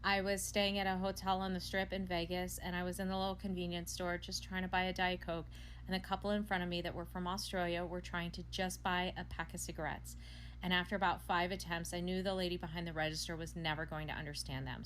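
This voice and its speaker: A woman's voice: fairly low pitch, little pitch movement, quick pace, a bit bright, a little hiss or hum. A woman from the United States telling a story in a dry, amused way. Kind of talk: casual storytelling.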